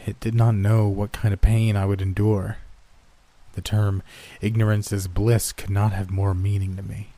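Low, mellow man narrating a horror story. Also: level tone, normal speed.

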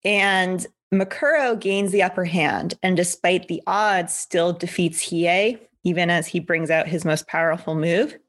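A woman's voice: fairly low pitch, steady tone, a little slow, few pauses. A woman co-hosting a casual anime discussion, talking with playful, teasing asides. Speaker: co-host.

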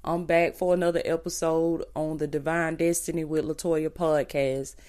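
Lady with a low husky morning voice chatting faith to her y'all listeners from her bedroom. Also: little pitch movement, moderate pace, a little mellow. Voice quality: raspy morning voice. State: just woke up. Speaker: podcast host. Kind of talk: casual faith-based podcast talk. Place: bedroom, standing.

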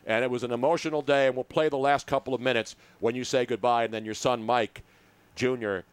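A man hosting a sports talk radio show, animated and teasing, rambling through his stories. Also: mid-range voice, fairly quick, smooth, no room sound. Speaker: radio host.

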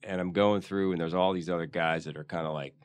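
A man's voice: sits low, fairly even intonation, quick pace, clean tone. A middle-aged man with a Philadelphia accent, chatting as an interview guest who searches thoughtfully for his words. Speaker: guest actor. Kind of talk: casual interview chat.

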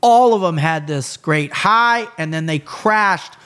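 A man telling stories as a guest on a podcast, animated and blunt, with a lot of swearing. His voice sits a little high for a man. He talks in a loose, casual way. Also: takes it slowly, clear, resonant tone. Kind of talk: casual storytelling chat.

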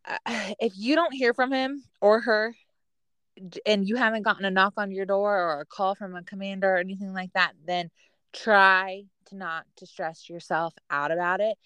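A woman, co-hosting a casual chat, candid and chatty and quick to laugh at herself. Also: medium pitch, steady tone, fairly bright tone, clear, resonant tone, no echo. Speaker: podcast co-host, military spouse.

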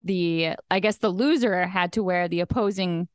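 Woman, 30s, podcast co-host, easygoing chat, lowish voice, dry close mic. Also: moderate pace, clear, resonant tone, dry recording. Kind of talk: casual chat.

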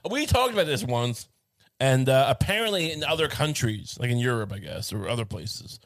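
A man's voice: mid-range voice, sing-song, moderate pace, creaky, a bit bright. A man co-hosting a casual comedic chat, ranting in long rambling runs with stammered restarts. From United States.

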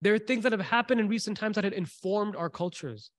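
Lively man teaching Quranic commentary. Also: high voice, a little fast, no echo, studio quality. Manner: animated, conversational preaching with Arabic recitation. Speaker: religious teacher.

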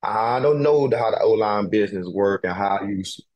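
A man hosting a casual chat, talking in a slangy, profane, animated way, repeating phrases for emphasis and laughing often. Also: fairly low pitch, brisk. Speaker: podcast host and pro football player.

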